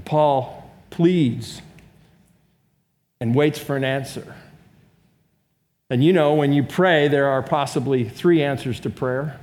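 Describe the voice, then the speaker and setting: A man's voice: mid-range voice, takes it slowly, pauses often, a little mellow. A man preaching a sermon as pastor, in a conversational way, putting rhetorical questions to his congregation. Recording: long reverb of a large room.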